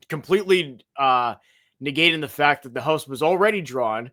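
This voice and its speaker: A man co-hosting a podcast in a casual wrestling history chat, animated and emphatic, often restarting his phrases. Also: a little high, normal speed. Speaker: podcast co-host.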